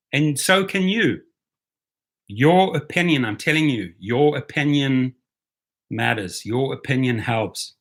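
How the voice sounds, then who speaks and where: A man's voice: on the high side, sharp tone. A man with a non-native English accent hosting a live stream, talking passionately and rallying his viewers. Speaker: rideshare YouTube host.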